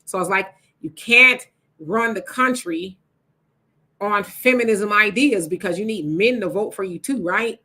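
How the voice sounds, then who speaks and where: A woman's voice: mid-range voice, a little slow, sharp tone. A woman hosting a live stream, reading viewer comments aloud and answering them in a chatty, casual way. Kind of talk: casual livestream chat.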